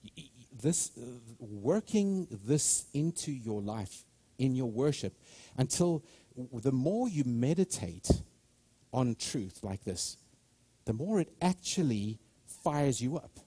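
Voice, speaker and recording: A man's voice: medium pitch, sing-song, takes it slowly, mellow, husky, dry recording. A middle-aged man preaching a sermon with fervent delivery, often repeating and restarting words as he builds momentum.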